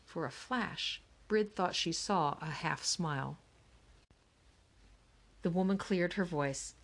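A woman narrating a children's novel with a steady, clear storytelling delivery. Her voice sits fairly low for a woman. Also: slow. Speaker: audiobook narrator.

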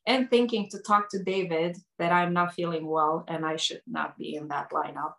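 A woman who works as a hair educator, telling a personal story in conversation with lively delivery, frequent restarts and many "like" fillers. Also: fairly low pitch, moderate pace, gravelly, roomy sound.

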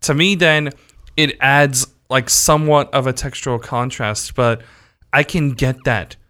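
A man with a mid-range voice talks through his opinion in a casual podcast chat. He explains in a steady, measured way. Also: mid-range voice.

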